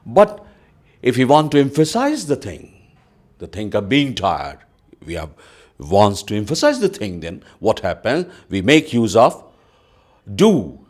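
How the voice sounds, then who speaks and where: This is a man giving a grammar lesson to students. His delivery is unhurried and his voice swings widely in pitch as he stresses example sentences. He sits a little low in pitch and keeps dropping in "you know". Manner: explaining slowly, says "you know" often, reads example sentences aloud. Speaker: English teacher.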